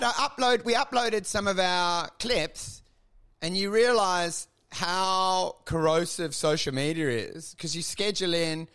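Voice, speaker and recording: Crude, gravelly-voiced man. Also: sits high, measured pace. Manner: crude, rambling, animated storytelling with mocking put-on voices. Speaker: podcast co-host. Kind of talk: casual comedic chat.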